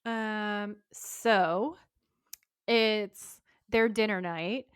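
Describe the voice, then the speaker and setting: A woman's voice: medium pitch, steady tone, very slow, clear, resonant tone, dry recording, studio quality. A woman co-hosting a podcast, animatedly retelling a TV episode in casual chat and swearing freely. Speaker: podcast co-host.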